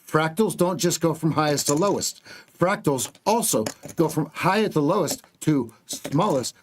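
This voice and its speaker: Excitable man hosting a trading stream. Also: a little high, slight background noise. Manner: excitable, repeats words, joking with chat. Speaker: trading coach and live stream host. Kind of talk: live-streamed trading commentary.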